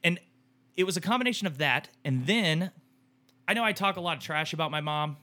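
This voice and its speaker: Co-host, man in his 30s, bright voice pitched a touch high, candid rambling storyteller. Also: lively intonation, brisk. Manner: rambling, emotional storytelling with restarts and swearing. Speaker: podcast co-host. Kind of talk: candid casual chat.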